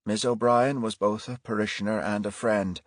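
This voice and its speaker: A man voicing a middle-aged male pastor with a soft Irish brogue and a solemn, gentle manner. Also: on the low side, fairly even intonation, moderate pace, no room sound, clean studio sound, close to an everyday voice. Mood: gently solemn.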